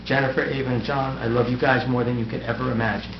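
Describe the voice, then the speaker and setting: The middle-aged mayor, on his way out, delivers a prepared farewell from the council dais with wry, self-deprecating jokes. His medium-pitched voice is level in tone and fast. The recording is noisy, echoey and dull.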